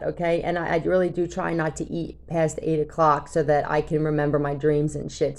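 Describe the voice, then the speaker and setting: A woman's voice: on the low side, darkish tone. A woman tarot reader talking casually to her viewers, blunt and cursing freely, often checking in with "okay?". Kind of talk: casual talk to camera.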